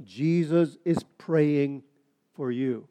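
A man preaches a sermon in a warm, mellow voice that sits a little high for a man. He stumbles and restarts often, then builds into emphatic, rising preaching. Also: drawn-out words, clean tone. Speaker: pastor.

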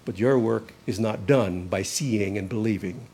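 Slow, deliberate male preacher. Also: on the low side, dark tone, husky. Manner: slow, deliberate preaching with emphatic rises on scripture quotes. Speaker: pastor. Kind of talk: sermon.

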